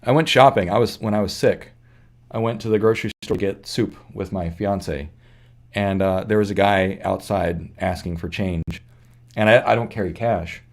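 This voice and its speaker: A somewhat low-voiced man talks through his views in an unscripted monologue as a channel host. He is earnest and reflective, often stopping to restart or correct himself mid-sentence. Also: moderate pace.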